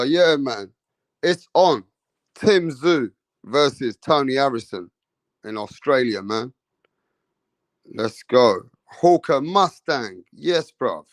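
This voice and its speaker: Guy on a boxing stream, kinda high voice, dead dry sound, shouting out the chat. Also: dry recording. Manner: greets chat viewers by name, slangy. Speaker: boxing livestream host. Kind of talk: casual livestream chat.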